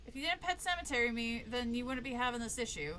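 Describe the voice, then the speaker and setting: A woman playing a horror game and commenting aloud, chatty and quick to laugh as she talks back at what she sees. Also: a little high, expressive, sharp tone, a little hiss or hum. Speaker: video game streamer. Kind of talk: let's play commentary. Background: game music.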